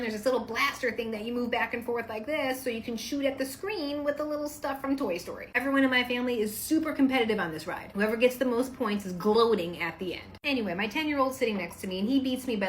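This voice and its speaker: A woman in her thirties telling funny family stories in a casual, animated way, swearing freely and acting out the quotes. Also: on the high side, slight background noise. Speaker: comedic storyteller. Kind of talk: casual comedic storytelling.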